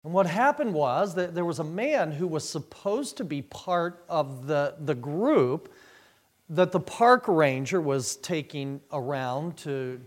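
A middle-aged man preaching a sermon, telling a personal story slowly and then building to loud, emphatic preaching. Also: on the high side.

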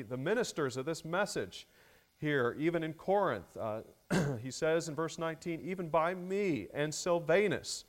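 Slow, measured male preacher. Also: on the high side. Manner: slow, measured delivery with many fillers, rising emphasis on key words. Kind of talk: expository sermon.

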